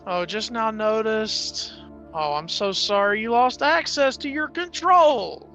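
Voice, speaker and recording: A man playing a tabletop game who takes over as villain, gloating slowly. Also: high-pitched, bright, forceful tone, faint music behind. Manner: slow, gloating delivery. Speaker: player taking over as villain. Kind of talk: tabletop role-play.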